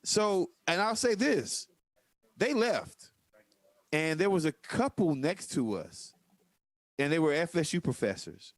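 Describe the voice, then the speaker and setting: A podcast co-host tells stories in a casual political chat, animated, profane and emphatic. His voice is mid-range and the recording is dry.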